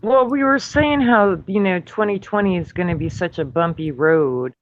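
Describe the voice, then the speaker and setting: A man in his fifties speaks with a somewhat high voice, earnest and a little defiant. He chats casually over a dull, lo-fi online call. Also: normal speed, slight background noise. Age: 50s. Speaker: chat participant. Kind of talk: casual group voice chat.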